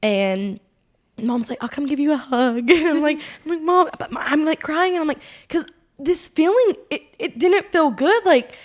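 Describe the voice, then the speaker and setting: A woman's voice: high-pitched, expressive, normal speed. A young woman, co-hosting a podcast and telling a long personal story in rambling, casual chat full of fillers and laughs. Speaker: podcast co-host.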